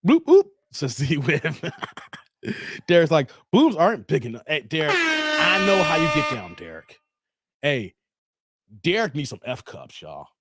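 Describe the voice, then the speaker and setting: A man hosting a livestream, reacting to a clip with laughing, animated commentary and thanking viewers for donations. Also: fairly high pitch, slow, pauses often, slight background noise. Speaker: channel host reacting to a clip.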